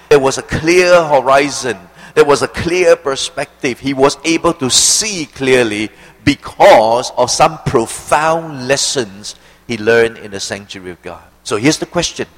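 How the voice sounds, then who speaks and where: A male preacher giving an expository sermon, asking rhetorical questions and slowing down to stress key phrases. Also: medium pitch, long reverb tail, rough recording.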